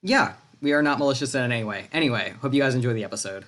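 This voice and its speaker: A young woman with an unusually deep, low-pitched voice co-hosts a podcast in casual conversation. She comes from rural Pennsylvania and tells her stories in a loose, rambling manner. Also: racing. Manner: chatty, rambling storytelling. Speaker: podcast co-host. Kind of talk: casual chat.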